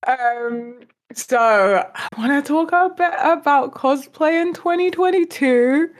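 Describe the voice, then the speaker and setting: Slow-talking giggly woman host. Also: high-pitched. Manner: giggly, relaxed, reads chat comments. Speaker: stream host. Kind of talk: casual chat on a live stream.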